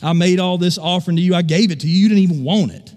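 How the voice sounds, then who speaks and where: A man's voice: sits high, fast talker, darkish tone, in a large hall, pitched below the performer's own voice, close to an everyday voice. A man voicing a sulking, resentful grown man who complains in a whiny way. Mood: sulky.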